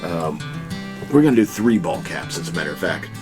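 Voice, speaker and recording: A man's voice: low voice, expressive, fairly quick, music in the background. A man hosting a casual home vlog, chatting in a folksy way with joking asides from his storage room. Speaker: online reseller and channel host.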